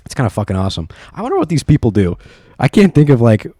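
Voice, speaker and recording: A man's voice: mid-range voice, huge pitch swings, fast, mellow, dry recording. A young man reading online stories aloud while driving, rambling, swearing and laughing often.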